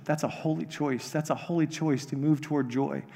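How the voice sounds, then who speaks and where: A man's voice: mid-range voice, a little fast, gravelly, hardly any pauses, darkish tone, big-room sound. A man preaching a sermon as pastor, earnest, repeating key phrases for emphasis.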